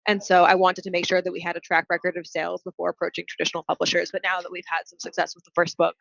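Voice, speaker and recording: A woman's voice: fairly low pitch, level tone, very fast, gravelly, fairly bright tone, no room sound. Earnest young woman on a dull, dry line. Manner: articulate, earnest, speaks in long fluent sentences. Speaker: nonprofit founder and guest. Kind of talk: podcast interview answer.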